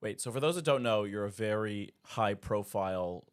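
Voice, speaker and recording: A man hosting a casual podcast, asking questions and teasing his guest in a relaxed way. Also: lowish voice, moderate pace, smooth. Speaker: podcast host.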